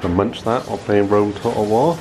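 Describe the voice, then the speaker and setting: With a lowish, steady voice and a brisk pace, a young father films a casual home vlog, regularly going sing-song for his toddler. The handheld camera records noisy audio, with appliances humming in the kitchen and later traffic and outdoor sounds near a canal.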